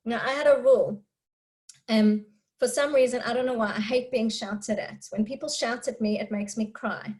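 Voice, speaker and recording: A woman's voice: fairly high pitch, fairly even intonation, normal speed, darkish tone, rough recording. Chatty woman answering parenting questions. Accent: non-Israeli English speaker living in Israel. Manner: candid, chatty, laughs often. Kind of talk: live talk with audience questions.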